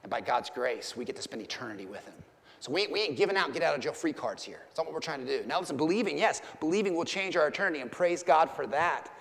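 A man, preaching a sermon as a pastor, swinging from loud impassioned peaks to hushed emphasis. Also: on the high side, animated, fast talker, creaky. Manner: impassioned, rising to near-shouts and dropping to hushed emphasis. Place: church sanctuary. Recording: long church reverb.

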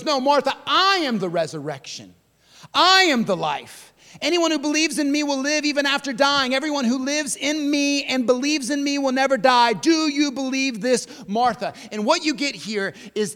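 A high-pitched male pastor delivering a sermon, his voice ringing with a long reverb through a large hall. He shifts from loud, emphatic declarations to soft, hushed passages and speaks to his listeners directly as "friend".

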